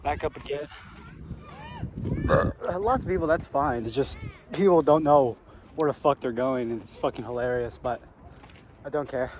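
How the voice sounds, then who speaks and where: A man's voice: mid-range voice, moderate pace, long pauses, a little mellow, slight background noise. A young man rambling and swearing in a casual vlog while running, a little out of breath, outdoors on a hilly public trail. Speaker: vlogger.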